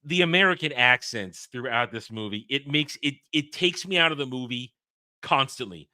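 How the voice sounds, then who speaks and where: A man's voice: mid-range voice, animated, normal speed, sharp tone, dry recording, clean studio sound. A man hosting a casual film review chat, opinionated and emphatic as he rants. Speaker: podcast host reviewing a film.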